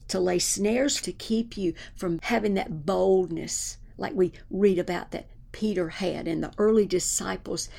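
A woman delivers a fervent sermon in a gravelly voice with a noticeable fry. She swings from emphatic preaching down to hushed, whispered prayer. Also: medium pitch.

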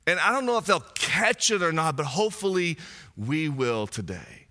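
A male pastor, preaching a sermon in an animated, conversational way full of asides. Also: on the high side, normal speed.

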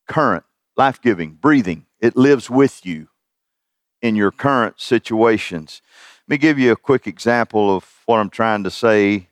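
A man's voice: mid-range voice, moderate pace, no echo, clean studio sound. A middle-aged man preaching a sermon in a folksy, conversational way, chuckling at his own asides. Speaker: pastor.

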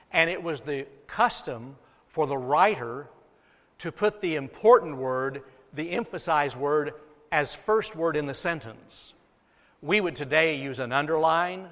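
A pastor from the United States, his voice on the high side with a fairly bright tone, delivers an emphatic sermon from the pulpit and repeats key phrases for effect. The sanctuary adds the long reverb of a big hall.

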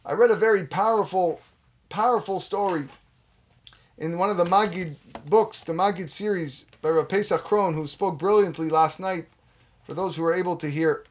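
Male rabbi, high voice, impassioned Torah sermon, acts out quotes. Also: moderate pace. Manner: impassioned, rising to a high pitch for emphasis.

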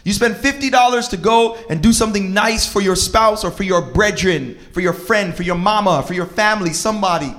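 A man in his thirties co-hosting a casual chat about parenting and relationships, animated and slangy with preacher-like exclamations. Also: high voice, fairly quick, hardly any pauses. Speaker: podcast co-host.

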